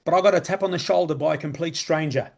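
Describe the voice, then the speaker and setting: A man's voice: on the high side, fast, gravelly, a little mellow. Upbeat chatty man presenting. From Australia. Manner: enthusiastic, chatty, repeats words. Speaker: online business presenter. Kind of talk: live sales presentation.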